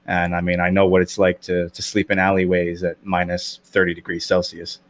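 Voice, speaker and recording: A man's voice: sits low, completely flat delivery, fairly quick. A man in his thirties with a slight lisp, chatting candidly as a podcast guest, with many fillers and restarts. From Canada. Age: 30s. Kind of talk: casual chat.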